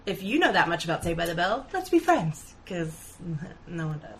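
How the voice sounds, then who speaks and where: A woman's voice: on the low side, animated, a little fast, a bit bright, rough recording. A woman co-hosting a podcast in casual chat. She is chatty, laughs easily and corrects herself mid-sentence. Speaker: podcast co-host.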